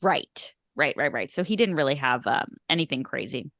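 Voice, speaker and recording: A woman's voice: rumbling low, expressive, moderate pace, creaky, fairly bright tone, dry recording. Chatty woman podcast co-host, dry sound. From Long Island, New York. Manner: chatty, lots of fillers and laughs. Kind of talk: casual chat.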